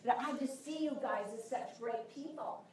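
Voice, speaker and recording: A woman with a high voice speaks at normal speed as a sales coach, giving a passionate, emphatic live talk and acting out conversations with clients. She's in a large room before a live audience, with a crowd audible behind her; the sound is echoey and her voice comes from far off.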